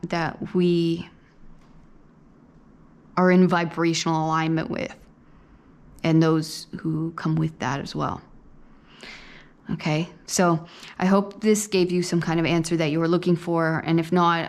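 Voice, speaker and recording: A woman giving a casual spoken tarot reading in a gentle, soothing way, often repeating words as she thinks. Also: on the low side. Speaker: tarot reader.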